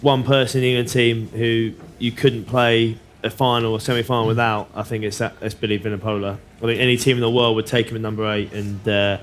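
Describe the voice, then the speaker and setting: A man's voice: mid-range voice, little pitch movement, brisk, few pauses, a little hiss or hum. A man guesting on a live podcast, chatting casually with dry understatement. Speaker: guest rugby player. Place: live venue before an audience.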